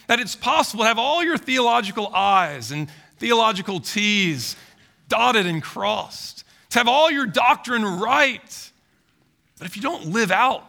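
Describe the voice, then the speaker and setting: A man delivers a sermon in a high voice with a gravelly grain. His tone is bright and forceful, and he leans on repeated phrases to drive each point home. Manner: earnest, emphatic preaching with repeated phrases. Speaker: pastor.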